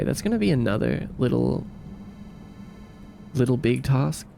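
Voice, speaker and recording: A man's voice: mid-range voice, very animated, moderate pace, vocal fry, pauses often, warm tone, slight background noise. A man streaming live, chatting loosely and rambling to his viewers from a home setup. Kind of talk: casual live-stream chat.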